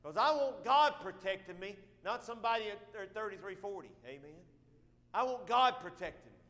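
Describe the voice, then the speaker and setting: A pastor with a Southern US accent delivers a sermon in a high-pitched man's voice. He rises to shouted emphasis and drops to quiet asides. The sound carries a long reverb from the church sanctuary. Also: lively intonation, moderate pace.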